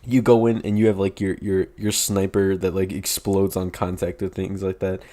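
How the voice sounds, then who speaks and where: Rambling young man, low mellow voice. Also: flat delivery, normal speed. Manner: rambling, laughing storyteller with many fillers. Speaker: podcast co-host. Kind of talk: casual chat.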